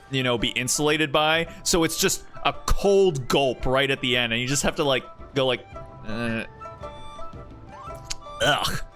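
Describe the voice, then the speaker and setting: Slow, rambling young man streamer. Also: on the high side, sharp tone. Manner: rambling, laid-back, with many fillers and restarts. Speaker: game streamer. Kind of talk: casual chat while gaming.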